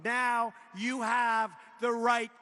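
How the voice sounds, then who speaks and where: A man giving a boastful, repetitive rally speech, swinging from quiet asides to shouted lines, at a podium microphone in a large arena. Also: very high-pitched, monotone, drawn-out words. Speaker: political speaker at a rally. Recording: echoey arena with faint crowd noise.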